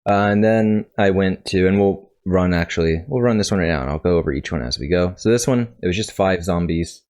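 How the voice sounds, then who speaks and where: Man, deep low voice, congested, rambling tutorial host, self-correcting. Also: brisk, a little mellow. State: congested, coughing. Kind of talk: casual screen-share coding tutorial.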